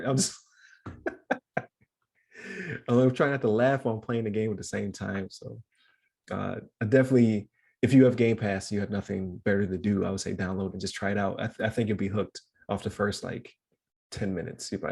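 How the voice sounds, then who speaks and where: Male podcast co-host, low husky rasp, loose rambling chat with fillers and laughter. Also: moderate pace, darkish tone. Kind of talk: casual chat.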